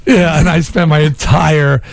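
Heard in a dry, studio-quality recording, this middle-aged radio host from Long Island has a gravelly voice on the high side and a steady, unhurried delivery. He rambles through stories in casual talk radio conversation, restarting often.

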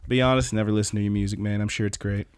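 A man co-hosting a podcast, chatting loosely as he walks through anime episodes. His voice is smooth and resonant, and his delivery rambles, full of fillers, jokes and swearing. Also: on the low side, fairly even intonation, very fast. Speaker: podcast co-host. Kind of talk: casual chat recapping anime episodes.

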